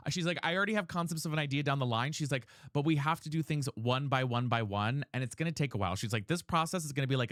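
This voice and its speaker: A man's voice: on the high side, a bit bright, no room sound. Rambling young male streamer, dry sound. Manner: rambling, retells others' words with "she's like". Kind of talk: casual chat while gaming.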